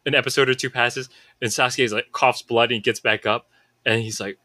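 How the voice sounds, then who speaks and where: A man's voice: mid-range voice, fairly quick, no echo. A man in his thirties on a podcast, telling a childhood story in casual chat, acting out what his friends said. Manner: animated storyteller, acts out quoted friends. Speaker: podcast co-host.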